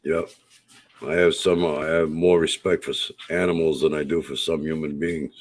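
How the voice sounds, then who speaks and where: A man's voice: extremely low pitch, little pitch movement, normal speed. A man hosting a casual online chat, talking in a plain, easygoing way. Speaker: host.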